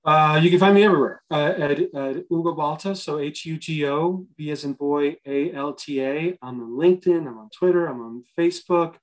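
A man's voice: a little high, normal speed, few pauses, rough recording. A man speaking as a podcast guest, giving earnest motivational advice with frequent hesitations. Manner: earnest, motivational, many fillers and restarts. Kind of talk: interview conversation.

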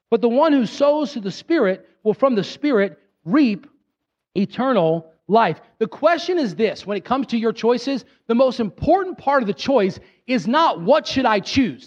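Man in his thirties preaching a fiery sermon: high pitched, emphatic, talks straight to the congregation, slightly muffled recording. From Pennsylvania. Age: 30s. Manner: emphatic, rising to high excited bursts, talks directly to the congregation. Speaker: pastor.

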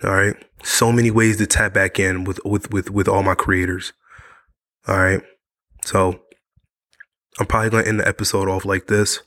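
A man's voice: low-pitched, little pitch movement, normal speed, long pauses, pushed and bright. A man hosting his own podcast, talking earnestly and repetitively to camera while sick and worn out. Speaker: podcast host. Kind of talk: casual monologue to camera. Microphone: studio mic.

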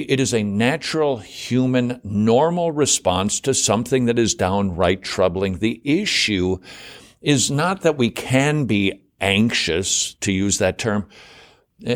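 Animated man teaching in an interview. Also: a little slow. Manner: animated, acts out worried voices with sudden high pitch jumps. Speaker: guest author.

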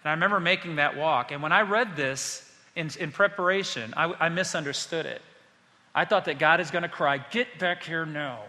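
A man's voice: fairly high pitch, brisk, sharp tone, big-room sound. A man preaching a sermon as pastor, speaking passionately and addressing the congregation directly.

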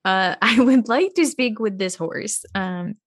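A woman playing her character in a tabletop game, polite and gentle, often laughing. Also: mid-range voice, a little slow. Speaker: player. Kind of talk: tabletop role-play.

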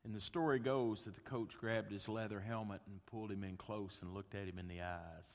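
Preacher telling stories in a reverberant hall. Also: male voice, fairly low pitch, fairly quick. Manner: animated storyteller, shifts from loud to hushed. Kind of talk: sermon with storytelling.

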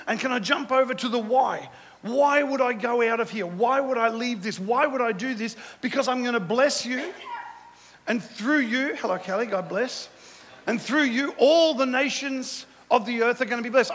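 A man's voice: very high voice, fairly bright tone. A male pastor preaching a sermon, with repetitive, emphatic phrasing and call-and-response with the congregation. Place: church hall. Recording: echoey church hall with long reverb.

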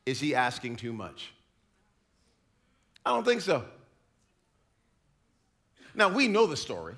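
A man preaching a sermon in a lively, joking storytelling manner. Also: mid-range voice, slow pace. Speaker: pastor.

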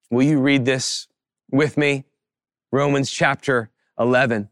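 A man's voice: medium pitch, steady tone, unhurried, no room sound. Man preaching a sermon, dry sound. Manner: preaching with rising emphatic passages and quiet asides. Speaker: pastor.

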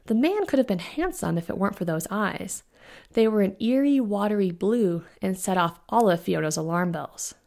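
A woman, the author, reading her own fantasy novella aloud in an even, unhurried storytelling manner. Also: mid-range voice, creaky. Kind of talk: audiobook-style fiction narration.

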